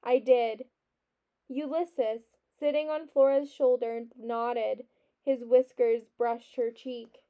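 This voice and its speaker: A woman teacher reads a children's novel aloud with expressive storybook delivery. Her voice is high and her pace unhurried. The recording sounds dull and lo-fi.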